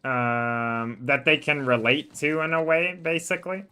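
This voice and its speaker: A man's voice: a little high, measured pace, sharp tone, smooth. A man streaming a game, chatting casually and rambling, with frequent laughter. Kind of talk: casual gameplay chat. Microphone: desk microphone.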